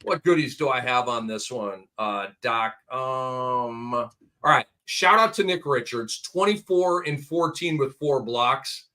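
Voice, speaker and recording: A man co-hosting a casual sports podcast, excitedly rattling off stat lines. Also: mid-range voice, measured pace. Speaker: co-host. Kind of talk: casual fantasy basketball podcast chat.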